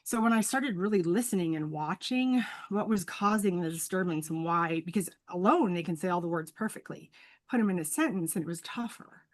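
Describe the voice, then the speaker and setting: A guest speech-language pathologist with a lowish voice explains her points a little fast in an earnest, teacherly professional conversation. She frequently checks in by asking "right?", and the recording is close and dry with no room echo.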